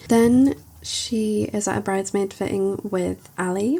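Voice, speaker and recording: A woman's voice: mid-range voice, measured pace, vocal fry, hardly any pauses, mellow, husky. Chatty woman recapping a book. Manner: chatty, wry, recounting with quotes. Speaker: book reviewer.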